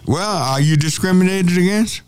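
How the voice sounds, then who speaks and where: A man's voice: sits high, normal speed, smooth, dry recording. A man hosting a call-in radio show, arguing insistently with a caller and repeating his points. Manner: argumentative, insistent, repeats phrases.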